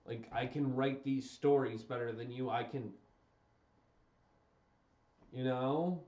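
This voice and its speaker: Slow-talking man ranting, roomy lo-fi sound. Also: mid-range voice, fairly even intonation, darkish tone, recorded from a distance. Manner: emphatic, repetitive, exasperated. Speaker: streamer. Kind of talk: casual ranting commentary. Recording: roomy, dull lo-fi stream audio.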